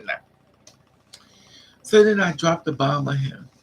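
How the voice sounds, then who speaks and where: A woman vlogger telling a story in a casual, animated way, repeating lines for emphasis and acting out what men said to her. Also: low-pitched, slow pace, slightly rough, poor audio. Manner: acts out the men's lines in quotes.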